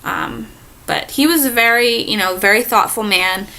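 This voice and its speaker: A woman's voice: on the high side, normal speed, vocal fry, pushed and bright, poor audio. A young woman hosting a casual travel vlog, chatty and rambling with lots of fillers. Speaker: vlog host.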